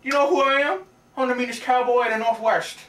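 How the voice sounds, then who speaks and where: A man's voice: extremely high pitch, fairly even intonation, brisk, fairly bright tone. A young man playing a swaggering, boastful cowboy gambler in an amateur student film, trash-talking in a put-on western drawl. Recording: echoey room, far from camera mic.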